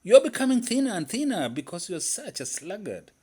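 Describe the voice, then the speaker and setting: A man voicing a scheming, excitable male squirrel trickster in a told folktale, shrill and emphatic. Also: a little fast, slightly rough, full character voice. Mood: smug.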